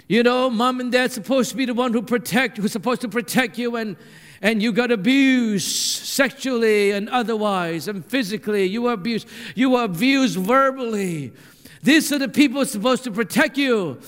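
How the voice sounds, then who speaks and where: Man, pastor, sermon, emphatic, repetitive, high-pitched, reverberant church hall. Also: a bit bright.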